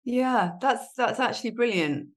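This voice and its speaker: A woman's voice: a little high, lively intonation, measured pace. Lady hosting a chat, upbeat and encouraging, laughs a lot. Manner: enthusiastic, encouraging, laughs often. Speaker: podcast host. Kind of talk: casual interview.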